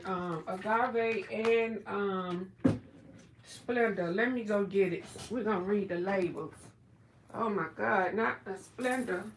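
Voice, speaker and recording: A woman hosting a casual livestream from home, chatting and reading food labels aloud in a drawn-out way with plenty of fillers. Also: mid-range voice, a bit bright. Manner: chatty, slow, drawn-out words, many fillers. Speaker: livestream host.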